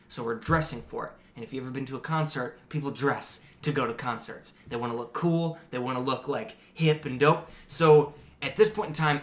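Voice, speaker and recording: A young man hosting a podcast and telling a story to friends in a casual, animated way, swearing often and acting out what people said. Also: mid-range voice. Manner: animated, swearing, acts out quotes. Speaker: podcast host. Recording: roomy echo.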